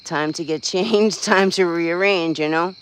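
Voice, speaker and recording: A man's voice: fairly high pitch, a little slow, fairly bright tone, clean tone, poor audio. A man chatting casually on a livestream, venting bluntly, swearing freely and rambling with lots of fillers. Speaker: livestream host. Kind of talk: casual live-stream chat.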